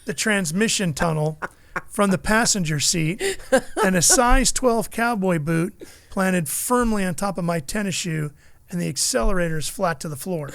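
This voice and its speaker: A man's voice: sits high, dry recording. A middle-aged man, a motorsports broadcaster, telling stories in a casual chat and acting out the people he quotes. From California. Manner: animated storyteller, acts out quotes.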